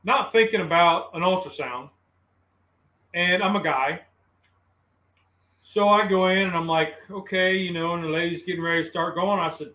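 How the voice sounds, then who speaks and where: A middle-aged man with a high, bright voice tells a story on a podcast, lively and laughing as he goes. He is recorded in an echoey room. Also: moderate pace, pauses often. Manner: animated, laughing while telling a funny story. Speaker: guest. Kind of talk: casual storytelling chat.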